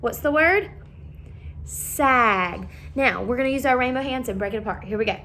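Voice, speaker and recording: A young woman teaching a phonics lesson to young children, asking coaxing questions in a slow, sing-song way. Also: on the high side, sharp tone, slight background noise.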